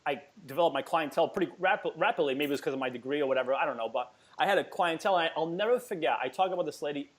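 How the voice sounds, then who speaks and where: Man, forties, rapid speech, slightly high voice, emphatic storytelling. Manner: energetic, emphatic, repeats words. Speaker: podcast guest, fitness entrepreneur. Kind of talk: casual storytelling interview.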